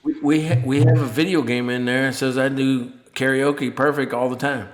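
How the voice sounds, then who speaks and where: A man's voice: mid-range voice, flat delivery, moderate pace. A man co-hosting a podcast, chatting casually in a rambling, joking way and trailing off while he hunts for words. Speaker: podcast co-host. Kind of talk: casual chat.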